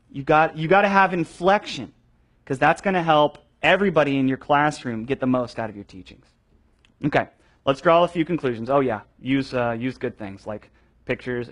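A young man leading a training session for children's ministry teachers, animated and conversational, with many fillers and restarts. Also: on the high side. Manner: acts out voices of students for effect.

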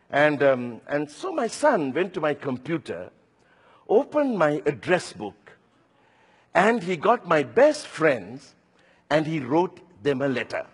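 A man's voice: a little high, big pitch swings, unhurried, husky, in a large hall. A man in his sixties preaching a sermon, earnest and personal, telling his own story between scripture quotes. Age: 60s.

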